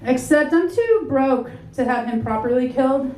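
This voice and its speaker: A woman in her thirties performing a stand-up comedy set with a dry, deadpan delivery on a club stage, speaking into a handheld mic. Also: high-pitched, moderate pace, heavy background noise. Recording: echoey club with loud audience laughter.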